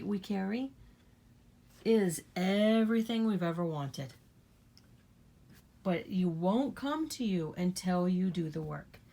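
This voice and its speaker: A woman's voice: medium pitch, creaky, a little mellow, a little hiss or hum. A woman giving an earnest, blunt spiritual talk to her viewers, repeating her points and swearing freely. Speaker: spiritual channel host.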